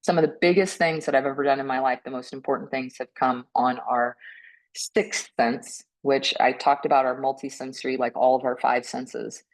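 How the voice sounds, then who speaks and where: A woman speaking on a panel about mental health, gentle and earnest, often tagging her points with a questioning "right?" and restarting her words. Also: rumbling low, steady tone, moderate pace, low-quality recording. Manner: frequent restarts and repeated words. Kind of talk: reflective panel talk.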